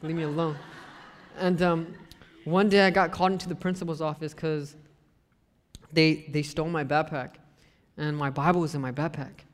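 In a church sermon, a man with a slightly raised, a little high voice speaks at normal speed, his words trailing into a long hall echo. He's a lively storyteller, recounting personal stories and acting out the people he quotes.

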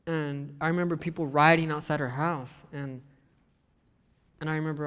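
A man preaching a sermon, telling personal stories in a lively way and acting out the voices of the people in them. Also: a little high, normal speed, clear, resonant tone. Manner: lively storyteller who acts out the people he quotes. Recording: long echo of a large hall.

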